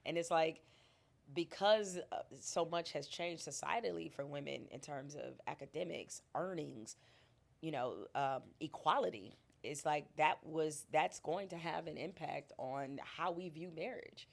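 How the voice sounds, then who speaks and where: A woman's voice: low voice, measured pace, gravelly. A middle-aged woman speaking candidly and emphatically as a podcast guest, laughing often. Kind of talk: casual interview conversation.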